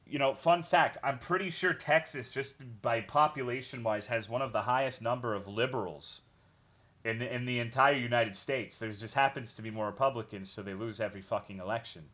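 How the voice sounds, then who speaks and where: A man's voice: mid-range voice, fairly quick, fairly bright tone. A young man streaming a game, chatting casually with his viewers in a rambling way, swearing often and greeting chat by name.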